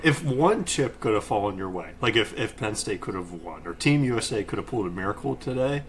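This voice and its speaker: A man's voice: on the low side, expressive, fairly quick, a little hiss or hum. A man hosting a casual podcast, easygoing and chatty, laughing along and telling long rambling stories. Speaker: podcast host.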